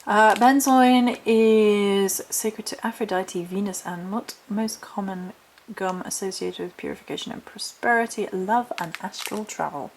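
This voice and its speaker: A woman's voice: medium pitch, unhurried, slight background noise, rough recording. Chatty woman rambling through a haul. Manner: chatty and rambling, reading notes aloud from a book. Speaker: witchcraft vlogger. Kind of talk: casual chat showing a haul.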